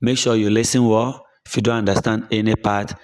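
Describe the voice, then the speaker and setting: A man's voice: on the low side, little pitch movement, a little fast. A middle-aged man teaching literature in a plain explaining manner, repeating his points and acting out example quotes. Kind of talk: explanatory lesson.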